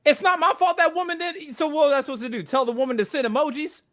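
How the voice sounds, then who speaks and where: A man's voice: extremely high pitch, fairly even intonation, quick pace, fairly bright tone. A man hosting a podcast, chatting casually with a friend, joking and using slang. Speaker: podcast host. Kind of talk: casual chat.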